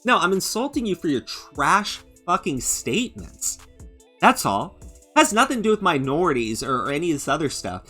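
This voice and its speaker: A man's voice: a little high, sing-song, sharp tone, husky. A man hosting a commentary channel, ranting in a sarcastic, mocking and profane way, stumbling over restarts and fillers. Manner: halting restarts and stammered fillers. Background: faint background music.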